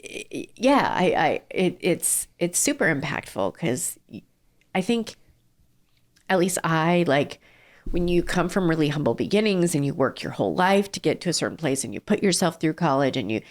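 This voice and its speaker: Guest spot: low-pitched, earnest middle-aged businesswoman, casual and a bit rambling. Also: very animated, normal speed. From southern California. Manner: earnest, with frequent fillers and restarts. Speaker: ice cream company founder and CEO, guest. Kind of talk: casual interview.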